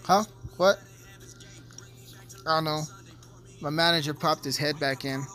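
A man's voice: a little high, fairly even intonation, measured pace, pushed and bright. A man rambling through a profane, joking casual monologue as a podcast host. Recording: music playing behind.

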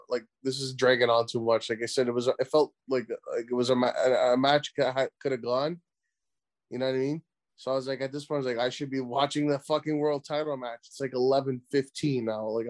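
A man co-hosting a casual podcast chat, excitable, swearing freely and padding his talk with filler words. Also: medium pitch. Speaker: podcast co-host.

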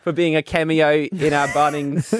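A man co-hosting a radio show, telling anecdotes in a playful, deadpan way into a studio microphone. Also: a little high, moderate pace. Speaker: radio co-host. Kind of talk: casual radio banter.

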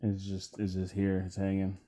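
A man's voice: sits low, completely flat delivery, normal speed, dark tone. Laid-back young man, casual podcast chat. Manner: laid-back, swears freely, laughs often. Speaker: podcast co-host.

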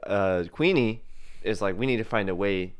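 A man co-hosting a comedy podcast, playfully improvising a silly story with quick asides. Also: on the low side, smooth.

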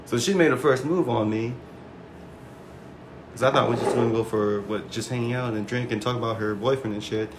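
A man's voice: medium pitch, fairly quick, background noise. A man casually telling a crude personal story on a podcast, laughing and acting out quotes in a raised voice.

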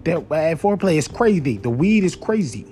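A young man hosting a casual talk show, telling loose, profane stories in a relaxed way that breaks into loud, animated outbursts. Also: on the high side, normal speed, faint music behind. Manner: relaxed, laid-back while smoking. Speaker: podcast host. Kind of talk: casual storytelling monologue.

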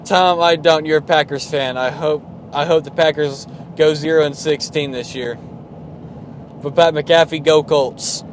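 A young man hosting a casual sports podcast, chatty and joking, with animated rants. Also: fairly high pitch, unhurried, a little hiss or hum. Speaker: podcast host.

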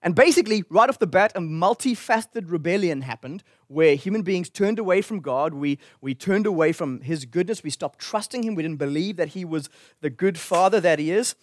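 A man's voice: sits high, lively intonation, a little fast, no echo, studio quality. A man preaching a sermon in an earnest, conversational way. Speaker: pastor.

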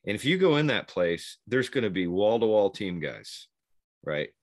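Lively, low-voiced man telling stories. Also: normal speed, no echo, studio quality. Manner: rambling, laughs while telling stories. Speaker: podcast co-host, former Navy SEAL. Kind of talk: casual storytelling chat.

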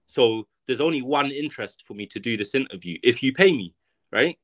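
A man's voice: medium pitch, expressive, brisk, fairly bright tone, no room sound. Blunt, profane London man. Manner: blunt, profane, emphatic ranting. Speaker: author and podcast guest. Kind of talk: casual podcast conversation.

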